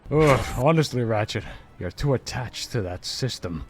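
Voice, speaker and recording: A man's voice: medium pitch, expressive, normal speed, music in the background, natural voice. A man voicing a sarcastic male robot doctor in a fan audio drama, speaking in a scoffing, dismissive way.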